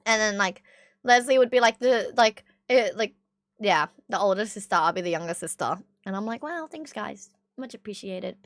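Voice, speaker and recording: A woman's voice: mid-range voice, fairly even intonation, moderate pace, no room sound, studio quality. A young Australian woman streamer chatting casually and reacting to clips, rambling and laughing often. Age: young adult.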